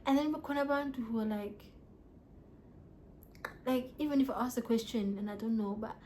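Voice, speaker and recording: A woman's voice: fairly high pitch, a little fast, pauses often, slight background noise. A young woman vlogging casually, a bit tipsy, chatting and telling stories while she answers viewer questions. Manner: chatty, animated storytelling, mixing English and local words.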